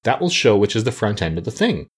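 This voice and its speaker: A man voicing a practical, kindly tin man in a storybook, close to his own husky voice. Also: fairly low pitch, very animated, quick pace. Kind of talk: storybook reading.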